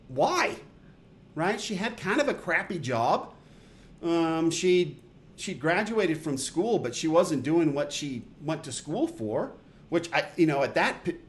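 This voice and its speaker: A middle-aged man hosting a podcast, casually telling a personal story in a rambling, self-deprecating way with many restarts. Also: fairly high pitch. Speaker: podcast host.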